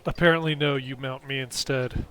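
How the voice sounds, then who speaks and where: A man's voice: medium pitch, fairly even intonation, normal speed, a bit bright. A man playing in a tabletop game over a call, joking and chatty. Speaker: player.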